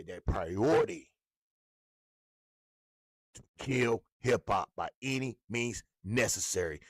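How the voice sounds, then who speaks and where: A man's voice: on the low side, no room sound, studio quality. A man ranting as a hip hop blogger, heated and profane, repeating himself for emphasis. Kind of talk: ranting commentary.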